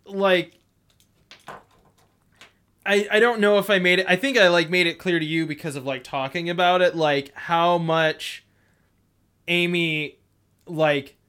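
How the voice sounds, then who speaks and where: A podcast host in loose, casual chat. The talk rambles and leans on "like" constantly, breaking often into laughter. The pitch sits in the middle range. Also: steady tone, unhurried, pauses often, fairly bright tone, clear, resonant tone. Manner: rambling, heavy use of "like", frequent laughter.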